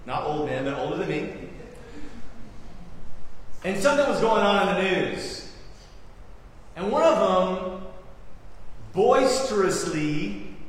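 Slow-preaching pastor in an echoey hall. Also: male voice, a little high, distant mic, a little hiss or hum. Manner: dramatic, acts out quotes, swings from loud to hushed. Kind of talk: sermon.

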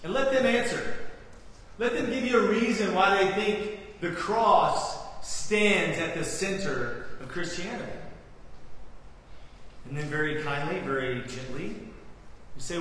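Earnest pastor guy preaching slow, lots of "beloved", sounds far from the mic in a big echoey church. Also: sits high, a bit bright. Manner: earnest, addresses the listeners as beloved, asks rhetorical questions. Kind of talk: sermon. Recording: echoey hall from far off, faint ambience.

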